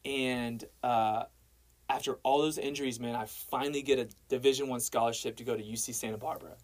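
Speaking fairly quickly in a mid-range voice with fairly even intonation, a young male guest tells the story of his faith in a casual way. "Man" and "bro" keep popping up in his speech. The recording is rough.

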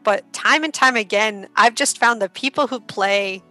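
A woman guest on a podcast, telling stories in a casual, animated way, laughing often and using lots of "like". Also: mid-range voice, normal speed, soft background music, rough recording. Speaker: podcast guest, karuta player.

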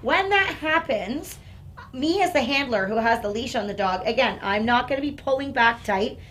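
A woman's voice: fairly high pitch, animated, normal speed. A woman dog trainer demonstrating and explaining on a live stream, indoors on a training floor. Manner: explanatory, coaxing dog in soft praise. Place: indoor training room with carpet.

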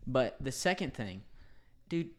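A man co-hosts a loose, casual podcast and tells a story with an animated, teasing delivery. He keeps slipping into little quoted voices to act out the scene. His pitch sits in an ordinary middle range. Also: measured pace. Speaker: podcast co-host.

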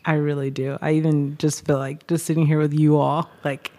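A woman with a low-pitched voice speaks as a podcast guest. She thinks aloud in a reflective, searching way. Soft little laughs slip in between her thoughts. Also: little pitch movement, brisk. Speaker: podcast guest, writer and artist. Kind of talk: reflective conversation.

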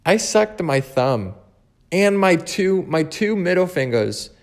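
Rambling young man with a lisp. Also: high voice. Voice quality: slight lisp. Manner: rambling, restarts often, casual swearing. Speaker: podcast host. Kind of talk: casual solo chat.

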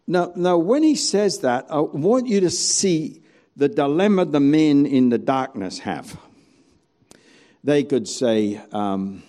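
A man preaching a sermon as a pastor, animated and full of rhetorical questions. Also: mid-range voice, measured pace.

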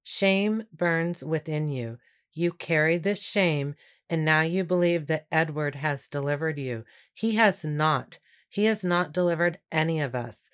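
A woman reading the part of an old beggar woman who speaks grim prophecies in a low, hoarse voice, slowly and solemnly. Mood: ominous.

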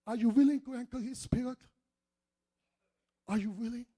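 A male preacher delivering an impassioned sermon, swinging between loud shouting and hushed, quiet speech. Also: very high-pitched, steady tone, moderate pace, slightly rough.

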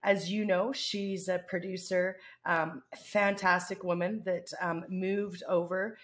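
A woman with a Canadian accent co-hosts a podcast, chatting casually and teasing, with plenty of fillers. Her voice is fairly low in pitch yet fairly bright, with a level tone and slow pace.

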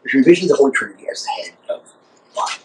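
A man's voice: mid-range voice, big pitch swings, racing, darkish tone, slight background noise. A man leading a church roundtable as archbishop, talking animatedly with frequent repeats and restarts. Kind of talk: informal church discussion. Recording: echoey room, distant mic.

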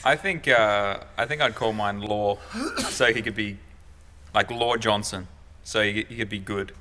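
A man's voice: fairly low pitch, steady tone, a little slow, pushed and bright, big-room sound, a little hiss or hum. A man co-hosting a podcast in casual chat, dropping dry wisecracks.

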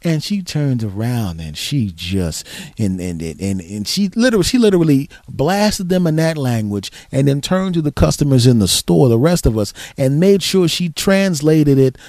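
A man's voice: mid-range voice, expressive, moderate pace, a little mellow, no echo, studio quality. A middle-aged man hosting a podcast, telling a story in a rambling, self-deprecating way with lots of restarts. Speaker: podcast host. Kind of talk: casual storytelling monologue.

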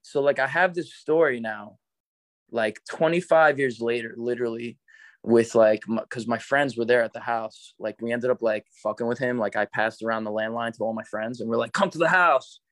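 Guest storyteller, male, 40s, loose and rambling, mid-pitched voice, dry close sound. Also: fairly even intonation, normal speed, no echo. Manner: laid-back, rambling, filled with "like". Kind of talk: casual storytelling.

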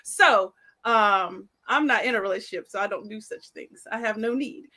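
A woman's voice: medium pitch, normal speed, pushed and bright. A woman on a comedy podcast panel, telling a story in a blunt, laid-back way. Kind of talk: comedic debate banter.

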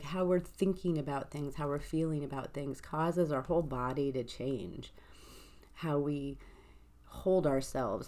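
A woman hosting a podcast, talking through her thoughts in a gentle, reflective way. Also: low voice. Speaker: podcast host. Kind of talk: reflective solo podcast talk.

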